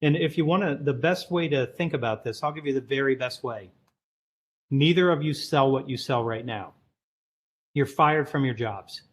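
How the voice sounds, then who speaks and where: A man on a podcast who talks bluntly and plainly. His voice sits at an ordinary middle pitch, and he sounds sure of his opinions. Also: moderate pace. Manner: direct, opinionated, plain-spoken. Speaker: guest sales author. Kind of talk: casual podcast conversation.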